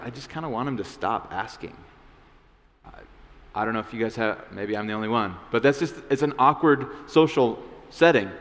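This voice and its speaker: A male pastor giving a casual, conversational sermon, with many restarts and acted-out quotes. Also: mid-range voice. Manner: conversational, many restarts and fillers, acts out voices. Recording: long hall reverb.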